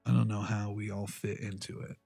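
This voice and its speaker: A man voicing a quiet, awkward male mentor who speaks softly and haltingly. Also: fairly low pitch, little pitch movement, vocal fry, breathy edge, dry recording, soft background music. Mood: tender. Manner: soft-spoken, halting, gentle.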